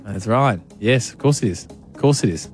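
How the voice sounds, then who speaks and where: A man's voice: mid-range voice, expressive, moderate pace, faint music behind. An Australian man hosting a radio show, playfully teasing a caller in casual chat. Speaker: radio host.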